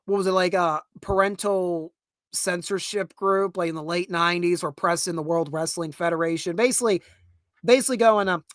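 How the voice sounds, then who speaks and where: A man's voice: high-pitched, moderate pace, a bit bright, no echo, clean studio sound. A young man with a Pittsburgh accent, hosting a podcast and ranting casually, laughing and restarting as he goes. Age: young adult. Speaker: podcast host. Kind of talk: casual rant.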